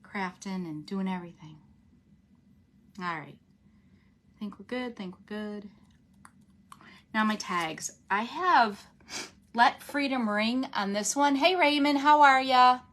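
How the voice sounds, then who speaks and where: A woman's voice: a little high, slow, pauses often, a bit bright. A woman with a runny nose, hosting a casual craft livestream, chatting with viewers as she works and laughing often.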